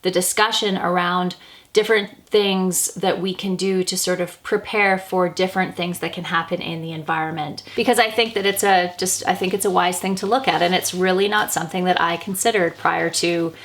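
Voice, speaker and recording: Hoarse woman homesteader, a bit low, gravelly, rambling vlog chat. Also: steady tone, normal speed. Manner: rambling, thinks out loud. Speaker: homesteader and prepper. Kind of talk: casual vlog talk to camera.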